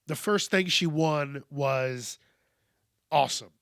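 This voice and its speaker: A man in his thirties talks slowly and reflectively, with casual profanity and many pauses where his voice drops away. His voice sits a little higher than most men's. The recording is close and dry, with no room sound. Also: clear, resonant tone, no room sound. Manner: candid, profane, pauses often and trails off softly. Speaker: podcast host. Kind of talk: slow reflective monologue.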